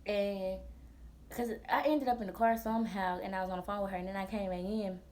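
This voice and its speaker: A woman in her twenties, a vlogger telling a storytime in a blunt, profane, animated way full of slang. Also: mid-range voice, brisk. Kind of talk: storytime vlog.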